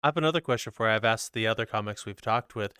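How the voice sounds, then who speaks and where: A man's voice: on the low side, rapid-fire, bright, forceful tone, smooth, dry recording, studio quality. A man hosting a casual podcast interview, curious and asking long questions. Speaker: podcast host.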